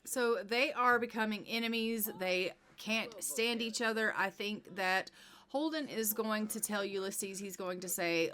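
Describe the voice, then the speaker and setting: A woman's voice: medium pitch, measured pace, sharp tone. Chatty woman narrating a life-sim game. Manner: chatty, many "you know" fillers, narrates what characters do. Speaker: gameplay streamer. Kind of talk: casual gameplay commentary.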